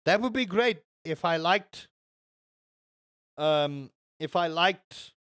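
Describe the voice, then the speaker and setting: Young male streamer with a fairly high voice, rambling and swearing while he chats over gameplay. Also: lively intonation, takes it slowly, fairly bright tone, no room sound, studio quality. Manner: rambling, swears, answers chat and reacts to the game. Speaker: livestreamer. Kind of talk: casual gaming stream chat.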